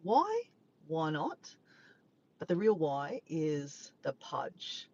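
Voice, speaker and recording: A woman's voice: low voice, wildly swooping pitch, drawn-out words, darkish tone, highs cut off. A woman with an Australian accent, chatting casually to a live stream from her parked car, rambling and tripping over her words. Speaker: vlogger.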